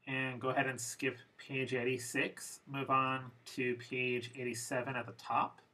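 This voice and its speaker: A man teaching English pronunciation in a recorded lesson, explaining slowly and with deliberate emphasis. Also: mid-range voice, monotone, pushed and bright, rough recording.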